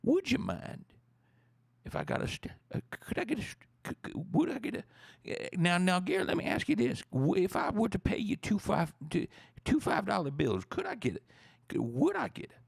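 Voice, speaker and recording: A man's voice: sits high, huge pitch swings, moderate pace, creaky, breathy edge, no room sound, pitched above the performer's own voice, exaggerated voice. A man putting on the voice of a flustered bar regular who stammers and keeps repeating himself while ordering. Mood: flustered pleading.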